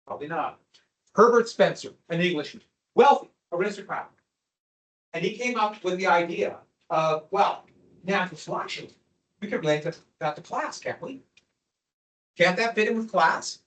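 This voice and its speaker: A man's voice: high voice, moderate pace, long pauses, a bit bright, low-quality recording. A male history teacher giving a classroom lecture, joking with his students and teasing them with questions.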